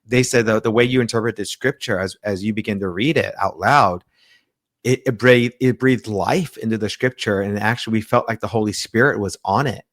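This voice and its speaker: A man telling a personal story in an interview, lively, acting out the people in it and often restarting his sentences. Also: on the low side, fairly quick, no room sound, clean studio sound. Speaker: pastor, interview guest.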